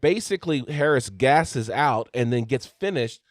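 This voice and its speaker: A man's voice: mid-range voice, lively intonation, a little slow, no room sound, studio quality. A man co-hosting a combat sports podcast, recapping fight results and asking questions in a casual way. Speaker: podcast co-host.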